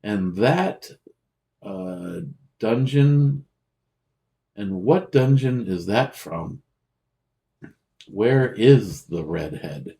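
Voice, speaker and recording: Deep-voiced man, unhurried, halting co-host reading chat aloud, blunt and profane. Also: lively intonation, gravelly, mellow. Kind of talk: casual livestream chat. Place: a friend's home.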